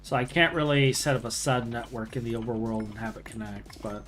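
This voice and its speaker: Bright-voiced joking male streamer. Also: medium pitch, fairly quick, faint music behind. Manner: joking, sarcastic banter with frequent laughter. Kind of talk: casual gaming stream chat.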